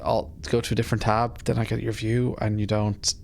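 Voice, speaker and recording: A man's voice: on the low side, little pitch movement, a little fast, vocal fry, a little hiss or hum. A man casually chatting on a live stream while playing a game, rambling, self-deprecating and swearing offhand.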